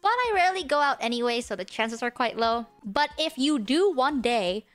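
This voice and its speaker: A woman with a high, girlish voice talks casually to her stream viewers, rambling with plenty of fillers and little laughs. Now and then she drops into a hushed whisper. Soft music plays faintly underneath. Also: lively intonation, normal speed. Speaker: vtuber streamer. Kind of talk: casual livestream chat.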